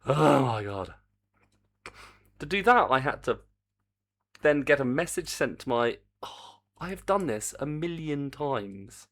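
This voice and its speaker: A man's voice: medium pitch, big pitch swings, slow pace, pauses often, fairly bright tone. Male game dev on a live stream, frustrated mutterer, voice rises and falls a lot. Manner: exasperated muttering and humming to himself. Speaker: game developer streaming his work. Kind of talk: casual live-stream chat while coding.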